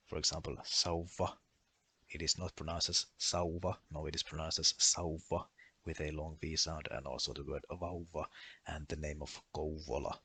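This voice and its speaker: Very deep-voiced man explaining methodically. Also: sharp tone, husky. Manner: methodical, listing one example after another. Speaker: language explainer. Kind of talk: explanatory voice-over lesson.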